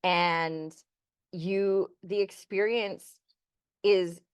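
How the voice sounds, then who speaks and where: A woman's voice: lowish voice, steady tone, very slow, clear, resonant tone, no room sound. A woman co-hosting a podcast, earnestly telling a personal story and acting out the remembered dialogue in casual chat. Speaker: podcast co-host.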